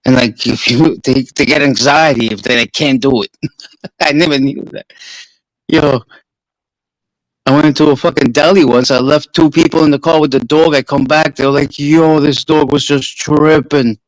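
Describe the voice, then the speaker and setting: A man's voice: mid-range voice, normal speed, no echo, low-quality recording. A man with a New York accent, a streamer swapping stories in a casual, profane chat. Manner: profane, animated storyteller.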